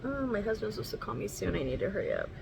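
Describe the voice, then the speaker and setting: A woman's voice: mid-range voice, huge pitch swings, very fast, creaky, noisy background. A woman chatting casually through a makeup tutorial at home, rambling and swearing now and then. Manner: talks sweetly to her dog. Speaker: makeup vlogger.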